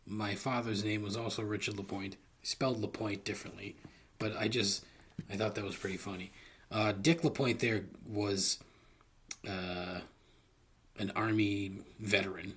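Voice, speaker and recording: A man's voice: lowish voice, steady tone, moderate pace, fairly bright tone, husky. A man hosting a solo comedy podcast, rambling profanely into a close microphone and laughing at his own jokes. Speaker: podcast host. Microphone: close studio microphone.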